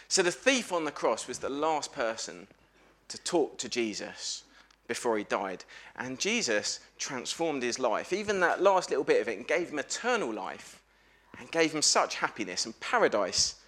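Man, family sermon in church, bright voice, lively swooping pitch. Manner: animated storyteller, asks the congregation questions. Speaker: preacher at a family service. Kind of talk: lively all-age sermon with questions to children.

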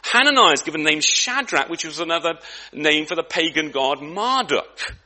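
A man preaching a sermon in a conversational way, full of restarts and asides, with lively emphasis, in a church. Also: fairly high pitch, moderate pace.

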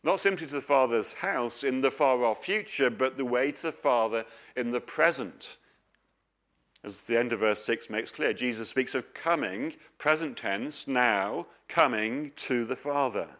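A man's voice: mid-range voice, unhurried, a bit bright. A middle-aged man preaching a sermon, earnest and questioning, with homely stories.

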